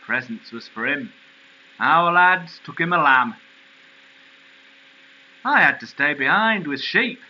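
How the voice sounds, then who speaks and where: A man voicing a plain-spoken male sheepdog with a Northern English accent, telling his story slowly. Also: a little high, lively intonation, lo-fi sound, slight background noise. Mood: wistful. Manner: slow, homely storytelling.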